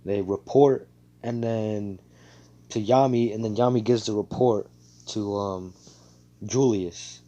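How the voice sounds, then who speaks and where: Low, mellow man rambling through a story. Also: steady tone, slow pace, long pauses, muffled recording. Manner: rambling, full of fillers and swearing. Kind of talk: casual fan-story narration.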